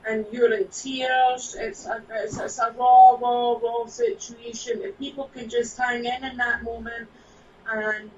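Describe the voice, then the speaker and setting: A Scottish woman with a higher-pitched voice, joking and laughing often, then earnest and warm when she gives advice. She sounds distant, in an echoey room. The sound is muffled and lo-fi. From Scotland. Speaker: guest. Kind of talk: casual chat on a live broadcast. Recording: echoey, dull sound, from far off.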